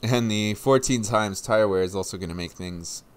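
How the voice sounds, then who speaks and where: A man's voice: on the low side, moderate pace, clean tone. A man co-hosting a live podcast, joking and laughing while commenting on a race, on a headset mic. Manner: joking, chatty, laughs often. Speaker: podcast co-host. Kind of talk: casual live commentary chat. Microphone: headset with headphones.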